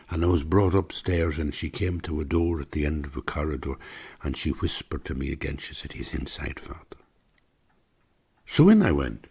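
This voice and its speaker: An older Irish man telling a personal story in an unhurried, conversational way, dropping to a whisper for quoted voices. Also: low voice, mellow, breathy edge.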